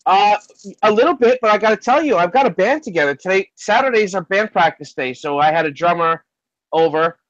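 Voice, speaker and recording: A man's voice: sits high, animated, brisk, no echo. Rambling man on a dull, dry call. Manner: rambling, loose, swears freely. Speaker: hangout participant. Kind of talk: casual chat. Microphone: video call. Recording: dull lo-fi sound in a dry space.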